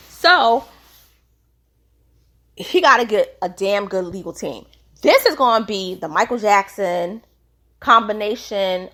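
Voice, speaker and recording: A woman's voice: mid-range voice, a bit bright. A woman hosting her own channel, giving chatty, opinionated commentary in a colloquial way. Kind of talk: casual commentary vlog.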